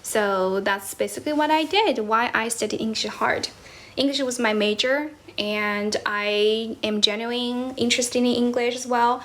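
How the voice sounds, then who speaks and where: A woman's voice: fairly high pitch, a little slow, a bit bright. A young woman from China with a Chinese accent, hosting a casual livestream and answering comments, laughing often and correcting herself as she switches between English and Mandarin. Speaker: livestream host teaching English.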